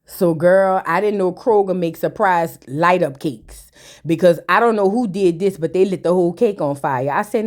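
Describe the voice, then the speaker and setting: A woman's voice: on the low side, moderate pace, a little mellow. A woman talking through a reality show recap in a casual, sassy way. Her talk is slangy and full of chatty asides aimed straight at her viewers.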